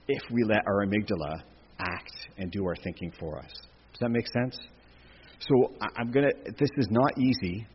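A man's voice: lowish voice, a little hiss or hum. A man giving a casual, jokey teaching talk to a church class, with lots of restarts. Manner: chatty, jokey, many restarts. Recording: echoey hall, dull lo-fi sound.

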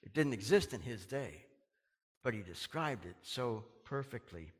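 A male pastor preaching a sermon, swinging from raised, urgent lines down to hushed, drawn-out quoted words. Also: mid-range voice, lively intonation, husky. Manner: dramatic preaching, dropping to a hush on quoted words. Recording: long hall reverb.

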